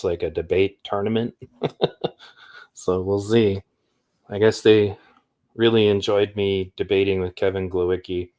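A man's voice: deep voice, darkish tone. A man hosting a livestream in a rambling, upbeat, chatty way. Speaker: livestream host. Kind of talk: casual livestream chat.

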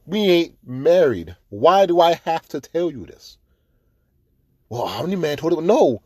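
Mellow-voiced man ranting on a podcast. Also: fairly high pitch, sing-song, a little slow, slightly rough, no echo. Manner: profane, ranting, growing heated. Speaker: podcast host. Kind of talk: casual review chat.

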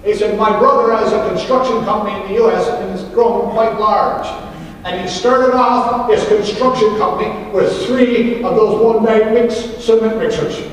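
A man's voice: high voice, normal speed, a little hiss or hum. A man preaching as a pastor, telling a story and acting out the lines of the people in it. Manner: animated storyteller acting out quoted dialogue. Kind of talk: sermon storytelling. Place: large hall or church. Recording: echoey hall from far off, faint ambience.

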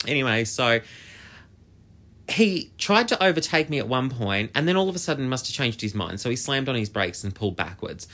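An Australian man hosting a podcast, telling a story in a chatty, animated way, swearing and filling with "like". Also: mid-range voice, brisk. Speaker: podcast host. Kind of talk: casual storytelling monologue.

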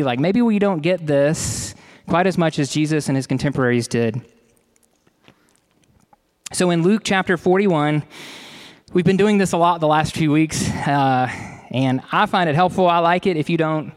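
A man preaching a sermon to his congregation, measured and conversational, slowing down to stress key words and adding casual asides. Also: fairly high pitch. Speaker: pastor.

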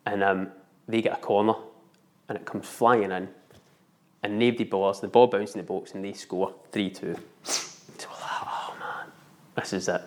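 A middle-aged man with a Scottish accent telling a story in casual chat, animated and laughing often. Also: fairly low pitch, moderate pace.

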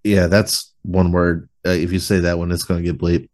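A man's voice: low voice, little pitch movement, moderate pace, darkish tone. A man hosting a podcast, chatting casually and jokingly, swearing freely as he rambles. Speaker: podcast host. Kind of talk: casual chat.

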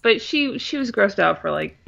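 A woman co-hosting a casual podcast chat, talking in a chatty, slangy way with quick quoted asides. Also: a little high, expressive, vocal fry, fairly bright tone, a little hiss or hum. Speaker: podcast co-host. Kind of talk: casual chat reviewing a comedy show. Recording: slightly dull lo-fi mic.

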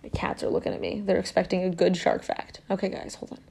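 A woman's voice: fairly low pitch, level tone, fairly quick, creaky, darkish tone, husky. A woman hosting a casual podcast at home, telling a family story in a rambling way full of fillers and self-corrections. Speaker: podcast host.

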